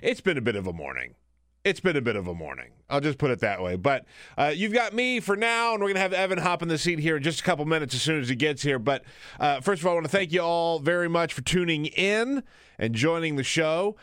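A man's voice: fairly high pitch, expressive, quick pace, fairly bright tone, dry recording, studio quality. A man filling in as the host of a radio talk show, chatting casually and laughing often.

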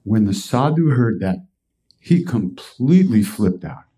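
Deep mellow guy rambling through a spiritual story, laid back. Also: sing-song, a little slow, breathy edge. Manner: casual, rambling, with fillers and restarts. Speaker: podcast host and spiritual teacher. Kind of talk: storytelling talk.

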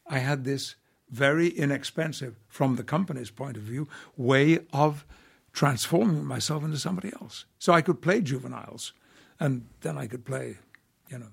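Older male actor as a podcast guest; gravelly and husky, wry, measured anecdotes. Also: medium pitch. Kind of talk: casual podcast interview.

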